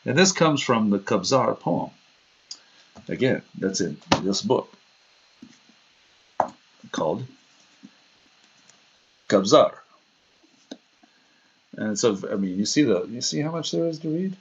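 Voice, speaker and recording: Hosting a casual livestream, a man with a fairly low, sing-song voice rambles slowly from one anecdote to another, pausing often, laughing at himself and slipping into quoted voices. The audio is dull and lo-fi like compressed stream sound, with slight background noise.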